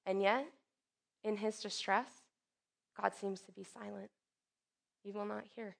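A woman preaching a sermon, expressive, swinging from loud emphatic lines to soft hushed ones and acting out quoted speech. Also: mid-range voice, unhurried, vocal fry, long pauses. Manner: acts out quoted speech with sudden bursts.

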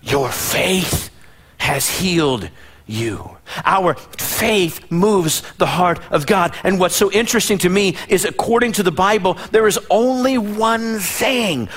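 A man's voice: high-pitched, a bit bright. A man preaching a sermon as pastor, dramatic, acting out the people of his story in voices and often repeating and restarting phrases. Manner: dramatic, acts out the Bible figures in voices.

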